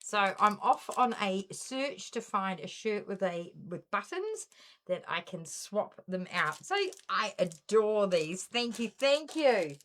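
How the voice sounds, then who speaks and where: A woman's voice: medium pitch, expressive, takes it slowly, a bit bright. A middle-aged woman with a New Zealand accent, hosting a casual craft live stream and greeting viewers one by one by name.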